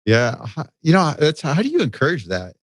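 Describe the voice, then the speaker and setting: A man hosting a podcast, asking questions in a halting way with restarts. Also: a little high, wildly swooping pitch, no echo. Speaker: podcast host. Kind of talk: interview questions.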